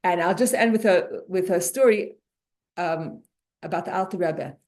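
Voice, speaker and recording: A woman teaching a Torah class, animated and restarting her sentences often. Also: fairly low pitch, moderate pace. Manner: animated, many restarts and repeated words.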